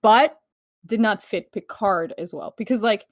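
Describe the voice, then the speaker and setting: A woman co-hosting a casual podcast chat, talking in a lively, quick way, laughing and swearing casually. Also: mid-range voice, dry recording, studio quality. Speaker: podcast co-host.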